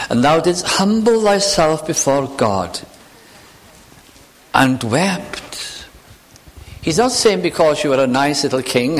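Male preacher, earnest, lively intonation, lingers on scripture. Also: fairly high pitch. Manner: earnest, reads scripture slowly with emphasis. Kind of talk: sermon.

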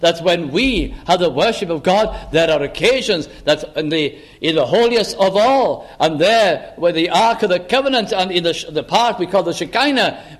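A man preaching a sermon in church, earnest, slowing down and lifting his voice on the words he stresses. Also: high voice. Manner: earnest, slows down and rises for emphasis.

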